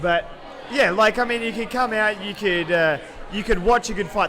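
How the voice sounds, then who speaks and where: A young Australian man co-hosting a podcast, loud and rambling, with lots of fillers and restarts. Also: high voice, moderate pace, music in the background, crowd noise. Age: young adult. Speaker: podcast co-host. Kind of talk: casual chat.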